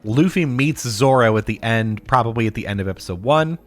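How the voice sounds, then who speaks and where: A man co-hosting a casual podcast chat, talking in a measured, analytical way with dry humor. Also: medium pitch, expressive, soft background music. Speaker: podcast co-host.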